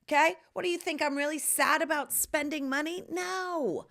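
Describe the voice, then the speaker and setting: An American woman hosting a podcast, talking in a casual, profane monologue that swings from hushed asides to loud exclamations. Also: sits high, moderate pace, vocal fry. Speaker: podcast host.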